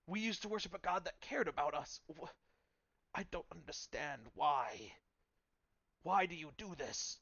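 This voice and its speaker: A man voicing an elderly man who pleads in slow, shaken tones. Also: fairly high pitch, expressive, a bit bright, no room sound, dull audio, pitched above the performer's own voice, heavily acted. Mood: pleading. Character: elderly distressed man, grieving his lost faith.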